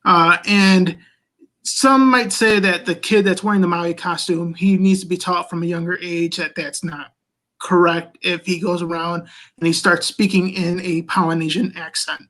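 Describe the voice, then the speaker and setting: A man's voice: high voice, normal speed. Man rambling on a video panel. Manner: relaxed, rambling with fillers. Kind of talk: panel discussion over video call. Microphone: video call.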